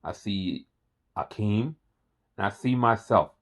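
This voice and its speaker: A man's voice: fairly low pitch, animated, slow, a bit bright. Chatty man vlogging. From Philadelphia. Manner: enthusiastic, chatty, repeats himself. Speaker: host. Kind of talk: casual vlog monologue. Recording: dull lo-fi recording.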